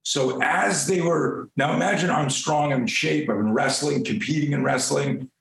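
A man's voice: on the high side, moderate pace, gravelly. Roomy-sounding older man telling stories. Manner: animated, self-mocking, swears freely. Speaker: guest. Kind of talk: casual storytelling. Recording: roomy echo.

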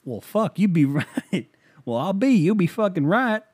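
A man's voice: sits high, sing-song, a little slow, darkish tone, breathy edge, voice pushed up, heavily acted. A man doing an impression of a middle-aged male money-advice host, blunt and folksy.

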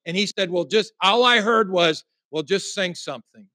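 A man preaching a sermon as a pastor, telling a personal story and swinging between loud emphasis and hushed, quiet moments. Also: high voice, moderate pace, hardly any pauses, dry recording, studio quality.

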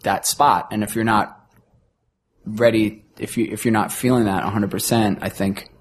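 Rambling middle-aged musician from New York. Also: male voice, lowish voice, fairly even intonation, moderate pace, a little hiss or hum. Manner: rambling, restarts often while searching for words. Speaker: touring musician, guest. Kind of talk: casual chat.

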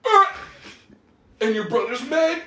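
A man's voice: very high voice, very animated, slow, roomy sound, heavy background noise. A man with a Texas accent hosting a podcast, profane, teasing and laughing a lot in rowdy casual chat. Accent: Texas Southern US. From Texas, USA.

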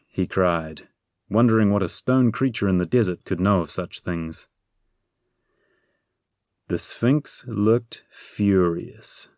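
Low-voiced man narrating an audiobook. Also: lively intonation, no room sound, clean studio sound. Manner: measured, gently humorous storytelling. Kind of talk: scripted fantasy narration.

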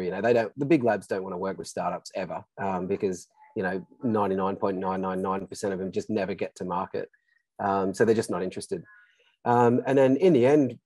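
A man's voice: fairly low pitch, dry recording, low-quality recording. A middle-aged Australian man telling his business story in a casual interview, rambling, full of "um" and "you know", and frank. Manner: rambling, filler-heavy, relaxed and frank. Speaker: business founder guest.

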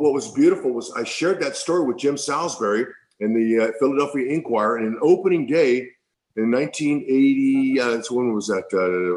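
A man's voice: medium pitch, rough recording. A middle-aged man, a former ballplayer, telling a heartfelt story in an interview, rambling and repeating himself. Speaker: former baseball player, guest.

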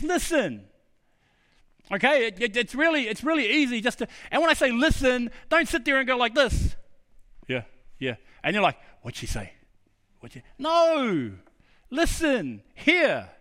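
A man's voice: high-pitched, a bit bright. A male pastor preaching a sermon, emphatic and fond of repeating key words. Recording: long hall reverb.

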